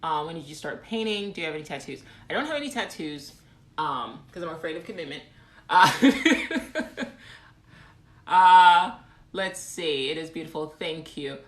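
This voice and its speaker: A woman's voice: deep voice, sing-song, moderate pace. A woman painter chatting on a live phone stream, rambling casually with lots of ums and reading viewer comments aloud. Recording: echoey room.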